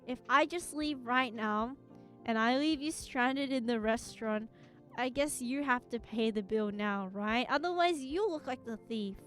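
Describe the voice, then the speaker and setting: High-voiced, teasing woman streamer. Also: normal speed, fairly bright tone, soft background music. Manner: playful, teasing, giggly. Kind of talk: casual chat.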